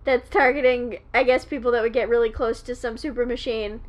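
Woman, high voice, casual podcast chat, profane, rambling, hiccups. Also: fairly even intonation, a little fast. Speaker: podcast co-host.

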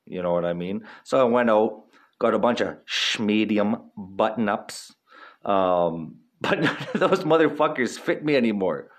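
A man's voice: on the low side, animated, unhurried. A man in his thirties hosting a podcast, rambling casually in a laid-back, profane, slangy way with frequent laughs. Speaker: podcast host.

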